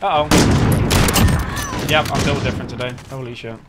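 A man's voice: mid-range voice, steady tone, normal speed, heavy background noise. A man streaming a shooter game, talking casually with cocky, teasing banter and a lot of swearing. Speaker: gaming streamer. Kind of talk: profane casual game commentary. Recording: loud gunfire over the voice. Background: game gunfire.

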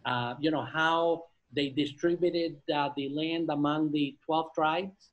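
A man's voice: a little high, steady tone, highs cut off. A man reading a scripture passage aloud to a study group, stumbling over names and adding joking asides. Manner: reads slowly, stumbles over names, adds jokey asides.

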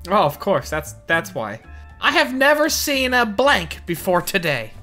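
A woman's voice: medium pitch, very animated, measured pace, a bit bright, soft background music. Laughing woman reading game cards. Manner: laughing, reads cards aloud. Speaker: online card game player. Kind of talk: casual gaming banter.

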